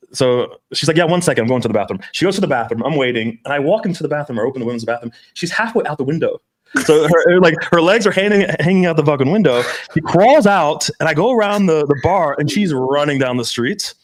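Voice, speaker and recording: A man's voice: a little high, lively intonation, a little fast. A man telling casual, profane stories on a men's dating podcast. He swears a lot and acts out the people he quotes. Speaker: podcast co-host.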